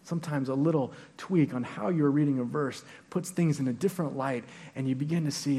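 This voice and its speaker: High-voiced male pastor preaching. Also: brisk, few pauses, dark tone, slightly rough. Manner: conversational preaching with emphatic stresses. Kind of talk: sermon.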